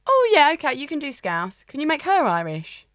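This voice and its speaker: A woman's voice: high-pitched, huge pitch swings, a little fast, fairly bright tone, dry recording. A woman co-hosting a podcast, chatting casually with playful quips and interruptions. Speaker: podcast co-host. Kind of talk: casual chat.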